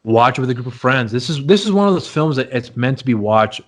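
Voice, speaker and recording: A man's voice: mid-range voice, expressive, fast talker. A man co-hosting a casual movie review chat, rambling and repeating himself as he talks. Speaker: podcast co-host.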